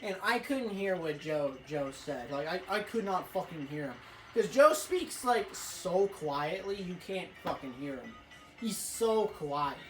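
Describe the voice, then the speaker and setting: A woman telling a rambling, swear-filled school story while playing a racing game, with excitable outbursts. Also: lowish voice, measured pace. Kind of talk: casual let's-play storytelling. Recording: echoey room, faint music.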